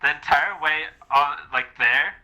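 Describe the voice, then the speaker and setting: A man's voice: on the high side, a little slow, bright, forceful tone. A young man chatting casually on a podcast, telling a story with lots of fillers and swearing. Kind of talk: casual chat. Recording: dull lo-fi mic with faint hiss.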